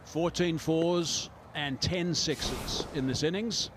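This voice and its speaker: A man commentating live cricket in a relaxed, explanatory way, with frequent pauses and fillers. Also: on the high side, background noise.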